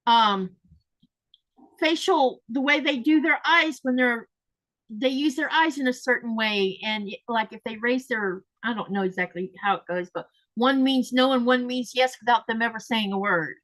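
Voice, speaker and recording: Woman, livestream host, higher-pitched, chatty, reads chat aloud. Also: moderate pace, fairly bright tone, rough recording. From Southern United States. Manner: chatty, reads viewer comments aloud and laughs often.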